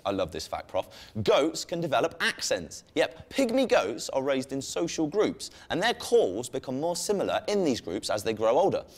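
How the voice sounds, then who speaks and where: Young male co-host, jokey science news read, pitch jumps around a lot. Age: young adult. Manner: playful, cheeky asides. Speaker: co-host of a student science show.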